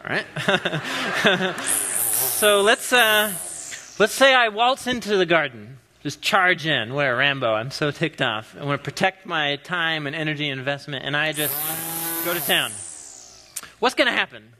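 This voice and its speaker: A man in his thirties, originally from the US Pacific Northwest, gives a chatty, playful sermon, teasing the congregation while he tells a story. His voice sits a little high, and it rings bright and forceful. It echoes with the long reverb of a large church sanctuary. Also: a little slow, slight background noise. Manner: animated, joking storyteller. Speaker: pastor. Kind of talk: conversational sermon.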